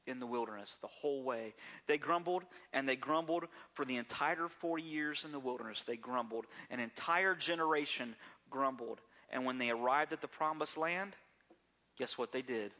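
A man's voice: medium pitch, normal speed, pushed and bright. A man preaching a sermon as a pastor, talking conversationally and often asking the congregation rhetorical questions.

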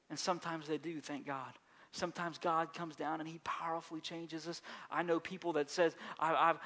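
A male pastor preaching a sermon in a church service, moving between hushed, gentle passages and raised, emphatic appeals, with frequent repeats and restarts. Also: fairly high pitch. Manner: repeats phrases and restarts mid-sentence, conversational preaching.

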